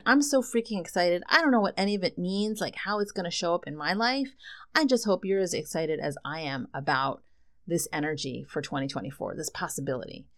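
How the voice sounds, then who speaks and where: A woman hosting a solo podcast, reading tarot cards and talking in an excited, effusive way. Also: fairly low pitch. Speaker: podcast host.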